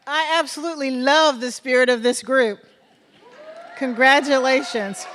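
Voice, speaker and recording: A woman's voice: high-pitched, moderate pace, fairly bright tone, a little hiss or hum. A woman college president giving closing remarks at a graduation ceremony, effusive and emotional as she addresses a large crowd from a podium microphone. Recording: long hall reverb.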